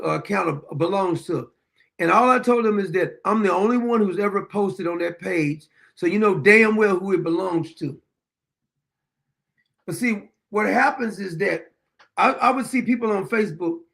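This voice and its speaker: A man's voice: high-pitched, vocal fry, a bit bright. A middle-aged man hosting his own show, delivering a blunt, combative political monologue and swearing freely. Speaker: show host.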